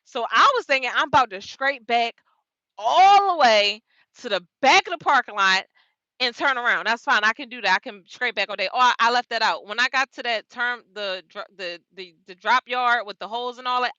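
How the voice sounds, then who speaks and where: An animated young woman tells a story about her day on the road. She uses lots of slang and laughs often. Her voice is bright and forceful, recorded dry and slightly dull, like a phone close to her. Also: on the high side, moderate pace, no room sound. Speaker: truck driver vlogger. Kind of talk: casual storytelling.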